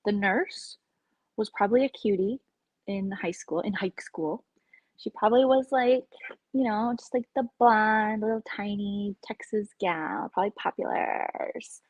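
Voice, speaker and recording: Husky woman vlogger spilling gossip on a live chat, dry close sound, drops to whispers sometimes. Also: mid-range voice, measured pace, no echo, poor audio. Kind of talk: casual live-stream chat.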